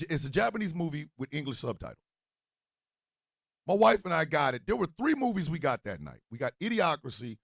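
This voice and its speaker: A gravelly-voiced man hosting a podcast tells a comic story as a monologue, animated and swinging from low mutters to loud outbursts. The sound is clean studio quality with no echo.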